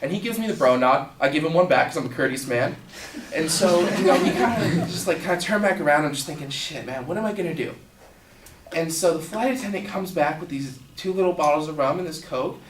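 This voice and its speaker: A young man telling a personal story in a casual, animated way, full of fillers. He is heard through a distant mic in a storytelling event room. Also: a little high, a little hiss or hum. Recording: echoey room, distant mic, faint ambience.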